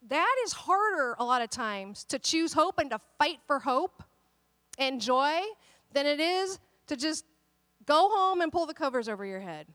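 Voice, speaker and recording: In a dry recording, a female pastor tells a personal story during her sermon, voicing the people in it and climbing to emphatic exhortation. Her high, somewhat bright voice is very animated yet unhurried.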